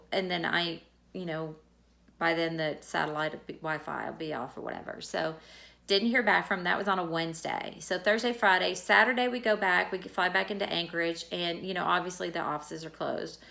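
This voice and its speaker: A woman's voice: fairly low pitch, moderate pace, creaky, a bit bright. A middle-aged woman candidly telling a personal story in a vlog, retelling conversations as she goes. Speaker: teacher.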